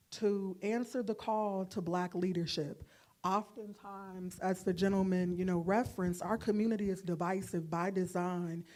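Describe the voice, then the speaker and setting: A woman's voice: medium pitch, a little mellow. A woman in the audience asking a long, formally worded question at a Q&A. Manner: measured, formal, long-winded phrasing.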